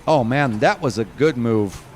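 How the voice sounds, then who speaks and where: A man giving live race commentary, excitable and bursting out at big moves, also reading out long lists of drivers. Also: medium pitch, measured pace, a little hiss or hum.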